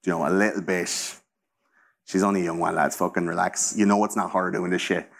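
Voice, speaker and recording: A man's voice: low voice, little pitch movement, fairly quick, vocal fry. Irish man in his thirties, casual host, rambling and profane. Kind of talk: casual chat.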